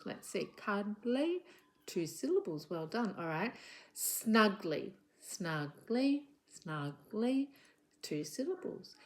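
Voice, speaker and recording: A woman teaching young children about words and sounds with a puppet, gentle and encouraging, sounding out letters and sometimes whispering softly. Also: on the low side. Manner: gentle, encouraging, slow and drawn out. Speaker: children's literacy presenter. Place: home living room.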